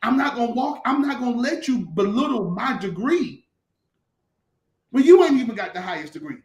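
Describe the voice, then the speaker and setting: With an extremely high, expressive voice and a darkish tone, a pastor speaks at a moderate pace in a roomy-sounding space. It's conversational talk-show teaching: colloquial stories delivered emphatically and full of repetition.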